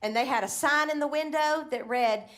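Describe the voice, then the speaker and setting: A woman's voice: high voice, moderate pace, fairly bright tone. A woman with a Southern accent performing a brash, profane stand-up set at a comedy club. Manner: brash, profane, mocking quoted voices. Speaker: stand-up comic. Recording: live club with audience laughter.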